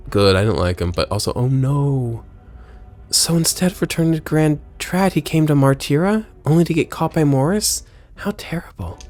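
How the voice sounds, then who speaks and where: A man commenting on a video game as he plays, joking and reading lines aloud, with loud exclamations and low mutters. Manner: lively, jokey, swings between loud exclamations and low mutters. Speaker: gameplay streamer.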